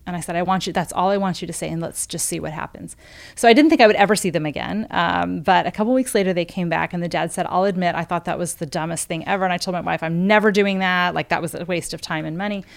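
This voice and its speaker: A woman's voice: fairly low pitch, fairly even intonation, fast, gravelly. A woman who coaches parents, telling a long story in an interview and acting out the quoted conversations with frequent "um" and "like.".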